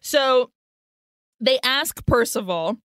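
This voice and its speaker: A woman with a fairly high voice retells a film's plot, acting out each character as she goes. She switches between English and in the middle of a story. The sound is dry and close. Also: lively intonation, takes it slowly, fairly bright tone, smooth, no echo. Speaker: podcast co-host recapping a film. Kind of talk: casual comedic film recap.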